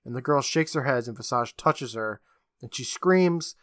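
A man's voice: mid-range voice, animated, normal speed, fairly bright tone, dry recording, clean studio sound. A man co-hosting a podcast, recapping an episode in a casual, joking storytelling manner with casual swearing. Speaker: podcast co-host.

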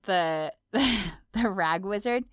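A woman's voice: mid-range voice, drawn-out words, a bit bright, no room sound, clean studio sound. A woman co-hosting a casual chat, rambling with lots of filler words and giggling. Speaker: podcast co-host.

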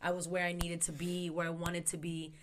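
A woman in casual chat, talking in a heartfelt, halting way full of "like" and restarts. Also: on the low side, monotone.

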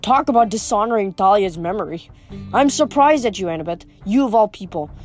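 A woman reading the part of a smooth, scheming teenage boy villain in an audiobook, with a mocking manner. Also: medium pitch, lively intonation, a little fast, faint music behind, natural voice. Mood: scornful.

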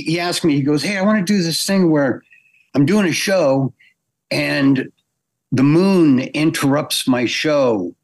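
A middle-aged man telling a long, lively anecdote as a guest in a podcast interview, acting out the voices of the people he quotes. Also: mid-range voice. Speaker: guest animator.

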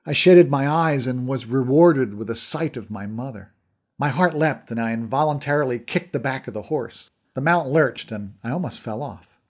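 A man narrating a story in first person, expressive and dramatic. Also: medium pitch, moderate pace. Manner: expressive, voices characters. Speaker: audiobook narrator.

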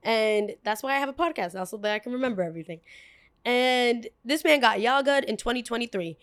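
A woman's voice: a little high, fairly quick. Chatty young woman telling a podcast story. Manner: chatty, peppered with "like", acts out quoted voices. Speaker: podcast host.

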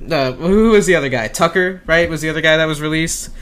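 A man's voice: on the high side, fast, fairly bright tone. A man co-hosting a wrestling podcast, talking loosely and hedging with fillers as he speculates. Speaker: podcast co-host. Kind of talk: casual chat.

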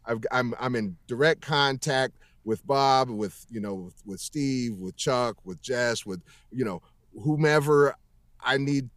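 A man's voice: mid-range voice, measured pace, a bit bright, no echo. Voice actor guy ranting over a video call, cussing, restarts a lot, dry sound. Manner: emphatic, profane, rambling with restarts. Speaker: voice actor guest. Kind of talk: casual interview chat.

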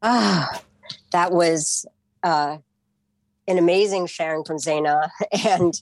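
Slow, thoughtful woman professor. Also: fairly low pitch. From California, USA. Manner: thoughtful, warm, halting with fillers. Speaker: professor, guest expert. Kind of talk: interview answers.

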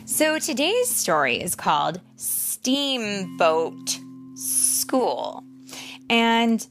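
Mom reading a picture book to her kid, slow and gravelly, lots of little whispers. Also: fairly high pitch. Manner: expressive, slow, drops into whispers. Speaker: mother reading to her child. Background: soft guitar music.

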